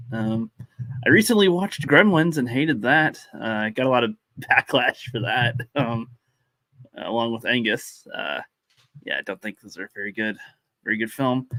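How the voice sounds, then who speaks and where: A man's voice: medium pitch, bright, forceful tone, no room sound. A man co-hosting a casual livestream, rambling and chuckling between his remarks.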